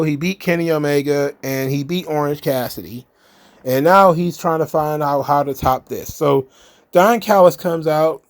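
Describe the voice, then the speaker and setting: A man giving a blunt, sarcastic, casual recap of a wrestling show, cursing now and then. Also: on the high side.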